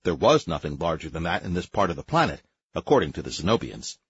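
A man narrating a sci-fi audiobook in a measured, wry storytelling manner. His voice is very deep and husky with a lively, swinging pitch. The recording is dry and dull, with a lo-fi sound. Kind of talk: scripted narration.

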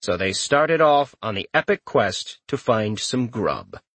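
A man reading an audiobook aloud in a lively, expressive way. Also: mid-range voice, slow, dry recording. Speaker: audiobook narrator. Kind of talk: scripted narration.

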